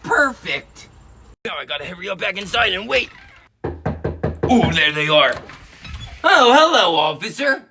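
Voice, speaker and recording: A sketch comedian playing every role in a family comedy sketch, switching between put-on voices and often shouting. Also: medium pitch, sing-song, measured pace, creaky, long pauses. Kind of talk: one-man comedy sketch with many voices.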